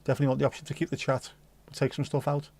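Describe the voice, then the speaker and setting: A man's voice: mid-range voice, completely flat delivery, very fast, creaky, a little mellow, no echo. A middle-aged man with a Liverpool accent, hosting a livestream and chatting casually to his live chat with jokey, rambling asides. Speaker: livestream host.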